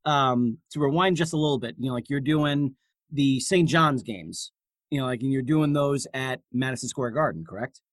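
A man's voice: mid-range voice, normal speed, no echo. A man hosting a casual interview, asking enthusiastic questions full of fillers. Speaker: podcast host.

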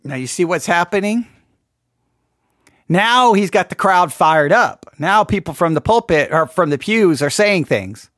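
A man's voice: high-pitched, expressive, a little slow, fairly bright tone, no room sound, studio quality. A man giving casual commentary on a sermon clip, chatty and wry, often repeating his phrases.

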